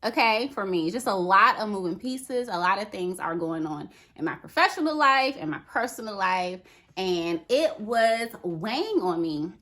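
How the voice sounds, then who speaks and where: A woman talking casually to camera as a vlogger, chatty and animated, peppering her talk with "okay" and "right". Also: medium pitch, moderate pace. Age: adult with a daughter.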